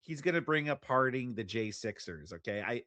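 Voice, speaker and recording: A man riffing over a debate clip in a sarcastic, mocking tone. His voice is bright and forceful, and the sound is dry and close with no room around it. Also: medium pitch, lively intonation, brisk, no echo. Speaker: streamer reacting to a debate clip. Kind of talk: live reaction commentary.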